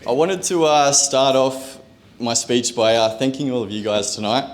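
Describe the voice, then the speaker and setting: A man's voice: mid-range voice, normal speed, roomy sound. A young man, the groom, opening his wedding speech with a joke in a slightly nervous way. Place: wedding reception hall.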